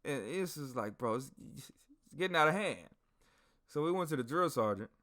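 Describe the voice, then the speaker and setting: A man hosting a podcast, telling a story in a casual, animated, slangy and profane way. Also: a little high, normal speed. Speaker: podcast host.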